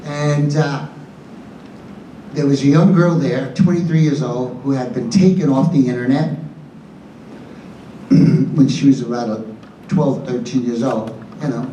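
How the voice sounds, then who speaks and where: A man's voice: medium pitch, dark tone. A man in his seventies telling a rambling, chatty story as a guest on a convention panel, often restarting his sentences. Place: large convention hall. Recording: roomy hall, distant mic, faint hum.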